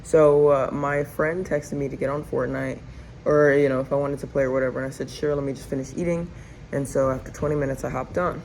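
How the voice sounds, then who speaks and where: Creaky-voiced woman telling a rambling story. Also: a bass voice, level tone, fairly quick, darkish tone, a little hiss or hum, rough recording. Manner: chatty, rambling, filler-heavy. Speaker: family vlogger. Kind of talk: casual storytime chat. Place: home kitchen while cooking.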